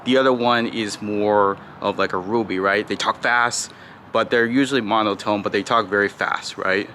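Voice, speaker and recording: A man coaching listeners on how to sound on sales calls, in a fairly low but bright, pushing voice. He talks in a mostly flat, unhurried way and keeps checking in with "right?". A faint hum of noise sits behind him. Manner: calls his own default voice flat and slow, demonstrates tones; frequent "right?" and "you know" fillers. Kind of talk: casual spoken tutorial.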